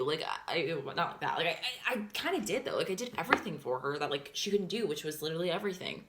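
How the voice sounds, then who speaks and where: A woman's voice: sits low, expressive, fast talker, few pauses, a bit bright, slight background noise. Chatty young woman telling a story. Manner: chatty, filler-heavy with constant "like", swears and laughs. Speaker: vlogger. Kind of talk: casual storytime chat.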